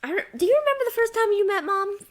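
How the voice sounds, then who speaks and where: A high-voiced woman with an American accent trades casual banter as a co-host. She laughs easily and swears freely, pushing back playfully whenever she's teased. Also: expressive, rapid-fire.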